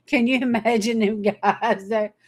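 A woman teaching a livestream Bible study, reading scripture and retelling stories in a chatty way with frequent laughter. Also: medium pitch. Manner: chatty, laughs often while telling stories.

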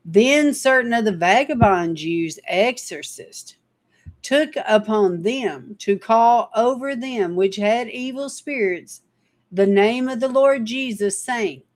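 Woman leading a livestream Bible study, slow unhurried reading, chatty, laughs a lot. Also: fairly high pitch, animated. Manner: chatty, laughs often while telling stories.

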